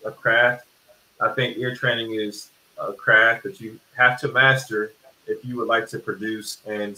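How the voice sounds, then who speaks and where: A man, a music producer, chatting casually and reflectively in an interview, with lots of filler words. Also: on the low side. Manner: relaxed, reflective, uses many fillers like "like" and "you know". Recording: roomy, distant mic with faint hiss.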